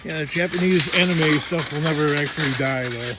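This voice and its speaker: A man's voice: a little high, fairly quick. A middle-aged man vlogging in a loose, rambling way, talking to himself while he works. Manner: chatty, wandering, talks to himself while working. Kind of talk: casual rambling monologue. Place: work space with scrap, while handling items. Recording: steady background noise.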